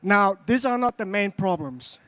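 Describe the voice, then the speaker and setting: Australian-accented man, high voice, conference keynote, slow deliberate delivery with fillers. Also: lively intonation, fairly bright tone, no echo. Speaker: conference speaker. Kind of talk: tech conference talk. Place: conference stage.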